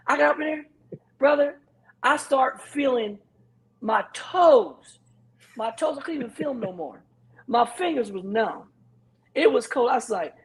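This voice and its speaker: A man spinning a story with big emphasis, repeating phrases and acting out what people said. His pitch swings widely as he gets worked up. He talks in a loose, chatty way. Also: expressive, unhurried, long pauses, low-quality recording. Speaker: guest. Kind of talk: animated storytelling chat.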